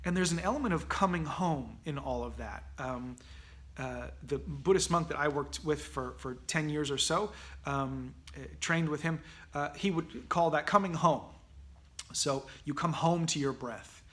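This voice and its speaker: Male acting teacher, bright fairly high voice, casual lecturing, easy pace. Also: measured pace. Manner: relaxed, many fillers and restarts, acts out anxious inner voices. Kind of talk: conversational lecture on mindfulness.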